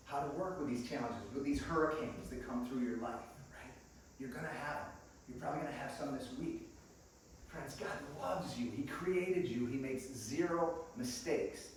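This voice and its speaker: Guy giving an upbeat sermon, kinda high voice, loud church echo, mic far off. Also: slight background noise. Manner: enthusiastic, calls congregation friends, laughs often. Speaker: guest preacher. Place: church sanctuary. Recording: echoey room picked up from a distance.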